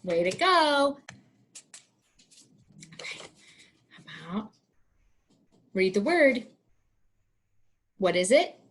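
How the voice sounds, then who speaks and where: A woman's voice: mid-range voice, big pitch swings, extremely slow, pauses often. A woman teacher demonstrating a picture-card lesson for young students, talking in a sing-song way and making animal sounds.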